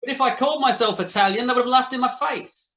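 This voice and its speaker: A man with a high, bright, forceful voice argues hard in a panel debate, interrupting and hammering his points with repetition. The sound is roomy and somewhat dull, like a lo-fi recording in an echoey room. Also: fast. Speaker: podcast guest debater.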